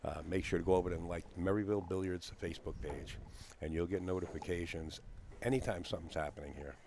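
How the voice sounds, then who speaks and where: A man commentates on a pool match from a booth in a very deep voice. He banters in a folksy, jokey way and laughs easily. Faint noise sits behind him. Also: fast.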